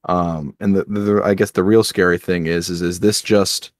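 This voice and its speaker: A man's voice: sits low, flat delivery, moderate pace, no echo, studio quality. A man co-hosting a casual drinking podcast, talking earnestly and often stopping to restart or correct himself. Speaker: podcast co-host.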